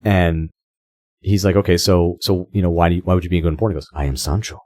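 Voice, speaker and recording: A man's voice: low-pitched, fast talker, darkish tone, dry recording, clean studio sound. A man co-hosting a podcast, talking casually, swearing freely and often restarting his sentences. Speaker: podcast co-host.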